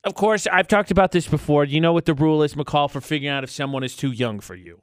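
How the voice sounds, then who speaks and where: Man, 30s, morning radio co-host, high voice, rambling jokey banter, studio mic. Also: fast talker, no echo. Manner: jokey, rambling, playfully indignant.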